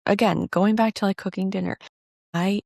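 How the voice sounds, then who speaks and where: A woman's voice: mid-range voice, fairly even intonation, moderate pace, vocal fry, a little mellow, dry recording, clean studio sound. A woman co-hosting a podcast in casual chat, talking freely and saying "like" and "dude" a lot. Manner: chatty, conversational, says "like" and "dude" often. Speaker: podcast co-host.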